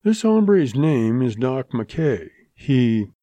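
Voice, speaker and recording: Man doing ruthless saloon owner, gruff, blunt, scheming, mellow low tone, Western audiobook. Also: sing-song, very slow, no echo.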